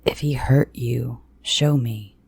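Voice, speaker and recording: A woman voicing a menacing male captor who gives short, hushed commands. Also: a bass voice, steady tone, takes it slowly, gravelly, slightly rough, no room sound, full character voice.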